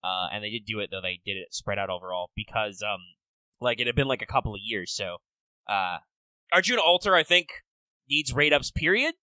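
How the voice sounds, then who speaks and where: A man co-hosting a podcast in casual chat, rambling and swearing with quick bursts of excitement. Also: lowish voice, no echo, low-quality recording. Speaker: podcast co-host.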